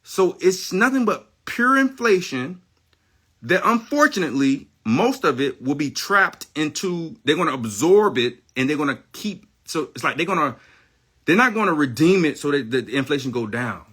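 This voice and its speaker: A man's voice: fairly high pitch, expressive, moderate pace, pushed and bright, breathy edge. A man on a livestream, ranting insistently in a rambling, profane way and repeating himself. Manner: emphatic, insistent. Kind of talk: livestream rant.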